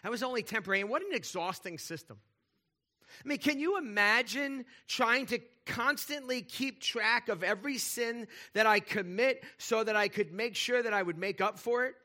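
At a normal speed and a very high pitch, a man gives an animated sermon as pastor. His style is conversational, dotted with playful asides and repeated check-ins with the congregation.

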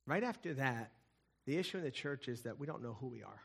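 A middle-aged man preaching a sermon, telling stories and swinging between loud emphatic lines and hushed, quiet ones. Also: mid-range voice, lively intonation, quick pace, gravelly, husky. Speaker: pastor.

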